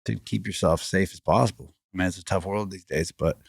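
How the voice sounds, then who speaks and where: A man, a podcast guest telling a story in rambling, animated casual talk full of restarts. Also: low voice, a little fast, creaky, husky, dry recording, clean studio sound. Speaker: podcast guest, former fighting champion.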